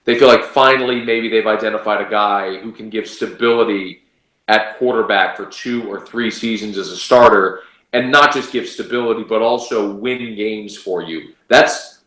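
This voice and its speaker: A man's voice: lowish voice, fairly even intonation, normal speed, fairly bright tone, reverberant. A man giving confident, emphatic college football analysis as a radio sports guest. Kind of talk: casual sports talk analysis.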